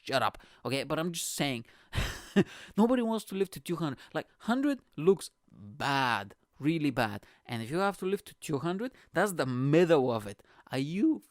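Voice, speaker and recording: A man's voice: fairly high pitch, big pitch swings, normal speed, no room sound, studio quality. A man hosting his own podcast, rambling from tangent to tangent with a joking, heavily profane manner. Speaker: podcast host. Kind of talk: casual solo podcast rambling.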